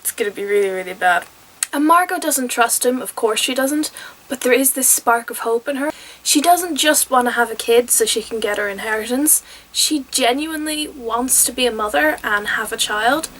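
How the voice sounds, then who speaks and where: A young adult woman giving an animated, chatty spoken review of a TV episode, often breaking into exclamations. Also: high voice, normal speed, slight background noise, low-quality recording.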